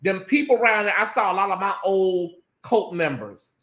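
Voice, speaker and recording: A man hosting a casual late-night live chat, animated and blunt, swearing freely and talking straight to his viewers. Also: high-pitched, normal speed, reverberant. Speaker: host.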